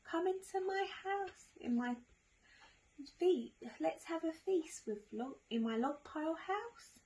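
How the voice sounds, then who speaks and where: A woman's voice: extremely high pitch, lively intonation, slow, mellow, pitched above the performer's own voice, exaggerated voice. Sly coaxing storybook animal, as a woman puts it on. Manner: coaxing, invitingly sweet. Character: sly fox, owl and snake animals.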